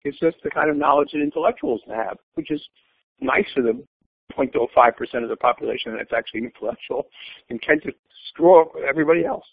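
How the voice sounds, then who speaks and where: A man's voice: fairly high pitch, fast, vocal fry, husky, dry recording. An older man, a blunt and opinionated storyteller, talking as a guest in an interview. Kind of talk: conversational interview. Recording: tinny phone line.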